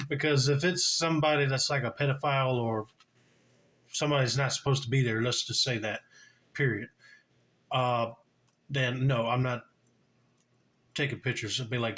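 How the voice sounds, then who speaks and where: A man's voice: mid-range voice, steady tone, moderate pace, long pauses, a bit bright. A man reacting to a story in a casual, chatty way, with fillers and short laughs. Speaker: reaction video host. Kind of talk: casual commentary.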